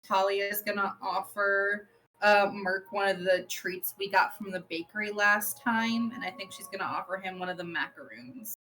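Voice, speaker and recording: A woman plays her character in a tabletop game, rattling off what her character does in quick bursts. Her voice is bright and forward, with a faint background hum. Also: medium pitch, poor audio. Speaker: player. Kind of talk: tabletop role-play.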